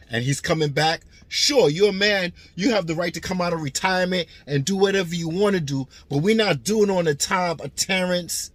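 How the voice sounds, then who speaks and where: Husky-voiced man giving frank commentary. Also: sits high, fairly bright tone, no room sound. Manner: frank, matter-of-fact. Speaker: channel host. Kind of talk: commentary on a clip.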